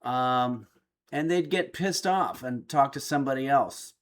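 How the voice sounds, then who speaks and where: A man's voice: mid-range voice, measured pace. A middle-aged man streaming, reading viewer chat aloud with dry, joking replies. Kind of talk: casual chat.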